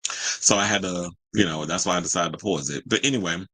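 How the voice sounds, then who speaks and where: A man hosting a celebrity gossip show, talking in a sassy, animated way with slangy asides. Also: deep voice, fairly quick, husky, no room sound, poor audio. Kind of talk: casual gossip commentary. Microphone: home streaming mic.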